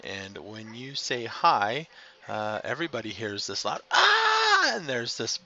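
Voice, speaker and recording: A man who narrates as game master of a tabletop game, in a halting, descriptive way with fillers. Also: on the low side, pushed and bright, dull audio, a little hiss or hum.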